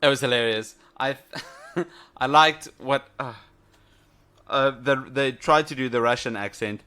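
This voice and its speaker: A man's voice: medium pitch, measured pace, pushed and bright, clear, resonant tone. A man co-hosting a podcast, chatting casually about retro games with dry, teasing remarks. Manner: wry, teasing banter. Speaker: podcast co-host.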